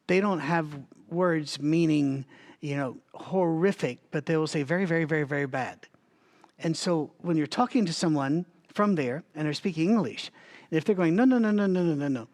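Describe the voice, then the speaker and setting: A man leading a Bible study in a conversational teaching style, thinking aloud with asides and restarts, and coughing now and then. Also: a little high. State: has a recurring cough.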